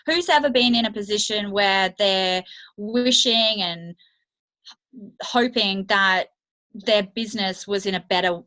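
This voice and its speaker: A woman's voice: mid-range voice, unhurried, bright, forceful tone, low-quality recording. A woman coaching her team on a video call, talking candidly and chattily with many fillers. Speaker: network marketing coach. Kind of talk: motivational team training call.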